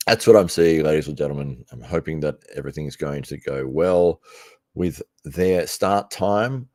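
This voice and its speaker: A man casually commentating on a live stream from his computer, chatty and quick to laugh as he rambles between tasks. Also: extremely low pitch, darkish tone, no room sound, clean studio sound.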